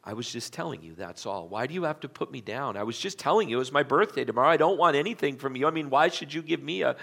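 A man's voice: medium pitch, animated, quick pace, creaky, a bit bright, pitched above the performer's own voice. A pastor voicing a hurt woman in a sermon story, pleading and defensive with her friend. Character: hurt woman about to turn thirty-nine, pleading.

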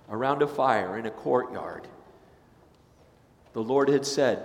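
A male pastor preaching a sermon in a casual storytelling way, slipping into the voices of the people he describes. His medium-pitched voice fills a large sanctuary. It comes back with a long, roomy reverb. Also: expressive, slow, long pauses. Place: church sanctuary.

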